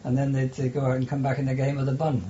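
An older man recalling wartime memories in an oral history interview, speaking haltingly with many restarts and fillers. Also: medium pitch, completely flat delivery, mellow, highs cut off, slight background noise. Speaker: interviewee, former prisoner of war.

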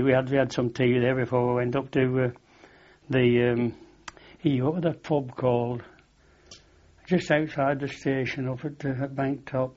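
In a dull, lo-fi recording, an older Lancashire man reminisces at length in a chatty interview, laughing at his own tale and saying "I said" again and again. He speaks in a mid-range voice with a darkish tone.

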